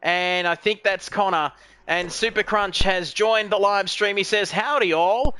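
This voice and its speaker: Leading the commentary on an online sim race, a man speaks in a high, slightly slow voice that sounds pushed, bright, and smooth. He jokes and rambles, often poking fun at himself.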